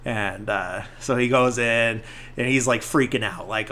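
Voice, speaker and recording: A man's voice: medium pitch, a little slow, pushed and bright. A man hosting a podcast, casually retelling a movie scene by scene in a rambling way, full of fillers. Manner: rambling, filler-heavy retelling with acted-out quotes. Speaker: podcast host. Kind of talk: casual movie recap chat.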